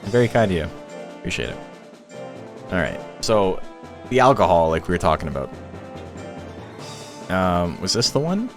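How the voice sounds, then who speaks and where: A man hosting a live stream, giving casual commentary on monster battles in a relaxed, chatty way and laughing as he tells stories. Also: low voice, normal speed, pauses often, music in the background.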